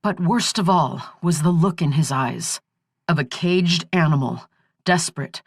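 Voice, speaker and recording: A woman narrates a thriller audiobook in a steady, measured read. Her voice sits fairly low, her pace is very slow and deliberate, and the sound is dry and close to the mic. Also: slightly rough, no echo.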